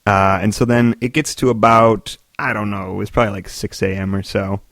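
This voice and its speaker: A man's voice: on the low side, steady tone, brisk, a bit bright, no room sound, clean studio sound. A man hosting his own podcast, rambling through stories with self-deprecating jokes. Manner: self-deprecating, joking, meandering. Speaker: podcast host. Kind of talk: rambling solo podcast monologue.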